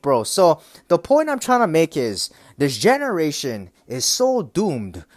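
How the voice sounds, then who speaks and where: A young man talks to camera in a loose, profane rant, his voice sitting a bit higher than most men's. He keeps checking in with his listeners as he goes. The sound is dry and close, with no room around it. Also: wildly swooping pitch, measured pace, hardly any pauses, no room sound. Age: young adult. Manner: profane, repetitive, keeps asking "right?". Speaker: vlogger.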